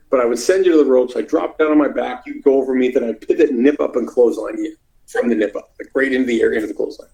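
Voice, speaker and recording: A middle-aged man from Canada telling stories from his wrestling career in a casual, animated way, acting out what people said. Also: gravelly, low-quality recording. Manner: animated, acts out quotes in loud high voices. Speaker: interview guest, former wrestler. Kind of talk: casual storytelling.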